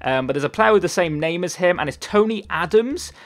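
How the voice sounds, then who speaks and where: A man's voice: high-pitched, animated, a little fast. A man in his twenties with a Cornish accent, giving casual, chatty gameplay commentary and rambling with frequent ums and repeated words. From Cornwall, England. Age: 20s. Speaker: gaming YouTuber.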